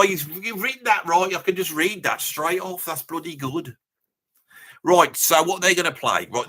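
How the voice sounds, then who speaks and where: A man's voice: medium pitch, sharp tone, slightly rough. A middle-aged man with a Birmingham accent, rambling and joking as he reads viewer comments on a live stream. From Birmingham, England. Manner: rambling, jokey, mock-boastful. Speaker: guest on a live reaction stream.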